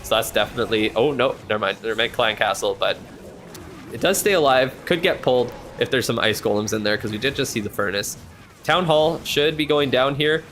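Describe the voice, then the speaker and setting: Calling a match live for his stream, a man keeps the play-by-play loose and conversational at a medium pitch. Quick, excited reactions greet every turn, with a casual swear now and then, over a slight hiss or hum.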